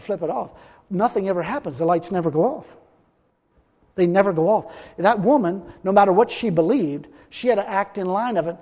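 Heard through long hall reverb, a high-pitched, slightly mellow male voice preaches emphatically. He reads from scripture and acts out the quotes of the people he describes.

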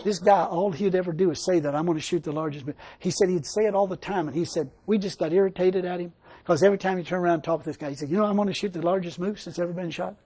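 A man's voice: high voice, racing, mellow, breathy edge. A male preacher giving a sermon, telling stories emphatically and laughing often.

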